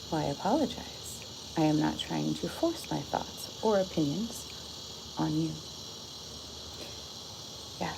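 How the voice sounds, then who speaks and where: With a fairly low, gravelly voice, a woman vlogger talks over slight background noise in a rough recording. She shares her views in a casual, musing way and then reads a short devotional aloud, drifting, restarting, and laughing softly.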